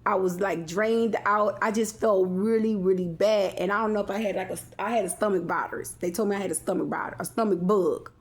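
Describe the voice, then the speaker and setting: Woman vlogger, casual storyteller, rambling with restarts and asides to her viewers, mid-pitched voice. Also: fairly quick, few pauses, breathy edge.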